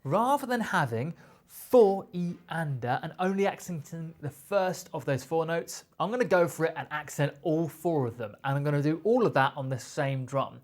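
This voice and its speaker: A man's voice: on the high side, animated, moderate pace. A man with a British accent teaching a drum lesson, explaining patiently and counting beats aloud. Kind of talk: instructional explanation.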